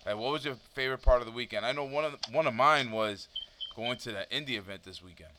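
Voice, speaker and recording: A man's voice: medium pitch, quick pace, bright, forceful tone, a little hiss or hum. A man hosting a casual chat, laid-back and slangy, laughing often. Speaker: podcast host.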